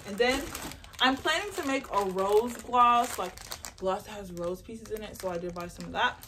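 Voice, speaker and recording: A young woman chatting casually in an unboxing vlog, excitable and rambling as she talks about her beauty business, recorded on a phone. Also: medium pitch, normal speed, a little hiss or hum. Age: young adult. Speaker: beauty entrepreneur and vlogger. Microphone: phone camera mic.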